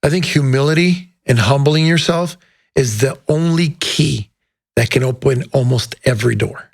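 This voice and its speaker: Earnest podcast dad, mid voice. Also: male voice, medium pitch, normal speed, vocal fry, slightly rough. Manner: earnest, repeats himself, quotes people. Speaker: podcast co-host. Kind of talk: casual chat.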